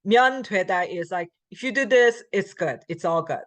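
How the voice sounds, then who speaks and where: A woman with an American accent gives a Korean grammar lecture. She switches between English explanations and Korean example sentences, with many fillers and restarts. Her voice sits at an ordinary pitch, and the recording is close and dry with no room sound. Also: lively intonation, a little fast, no room sound. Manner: frequent fillers and self-corrections. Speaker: Korean language instructor.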